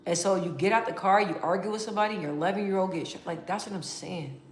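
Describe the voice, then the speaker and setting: Animated, echoey-room woman vlogger. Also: lowish voice, fast talker, slight background noise. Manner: animated, emphatic storytelling with slang and frequent restarts. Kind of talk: casual talk to camera.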